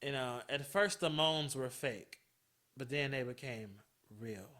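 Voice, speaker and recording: A man hosting a podcast, telling a personal story in a casual, animated way, swearing freely and laughing often. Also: mid-range voice, a little slow. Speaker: podcast host.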